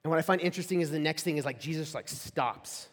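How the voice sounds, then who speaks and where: Before a live audience in a big, echoing hall, a young campus ministry speaker tells stories in a casual sermon. His voice is slightly high and his pace quick, and he keeps things chatty with lots of "like" and questions thrown out to listeners.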